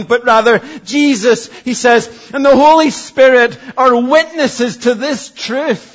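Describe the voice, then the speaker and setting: Earnest preacher, high voice, muffled. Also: male voice, measured pace, few pauses. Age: 40s. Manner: earnest, swings from loud to hushed. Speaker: pastor. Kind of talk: sermon.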